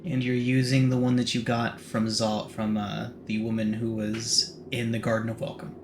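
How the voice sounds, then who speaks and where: A man running a tabletop game as game master, giving quick rulings with frequent laughs. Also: mid-range voice, completely flat delivery. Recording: noisy home recording.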